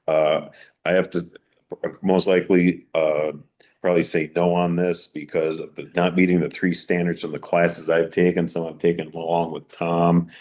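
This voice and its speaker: Deep voiced guy chairing a town meeting, stops and restarts a lot. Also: little pitch movement, normal speed, darkish tone. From Long Island, New York. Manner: hesitant, repeats himself, plainspoken. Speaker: commission chair. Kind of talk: public meeting deliberation.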